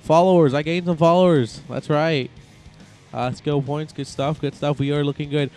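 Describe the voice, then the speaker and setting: A young man commentating his own wrestling video game, excitable and joking, swearing often. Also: a little high, moderate pace, soft background music. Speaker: gaming channel host. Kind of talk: casual gameplay commentary.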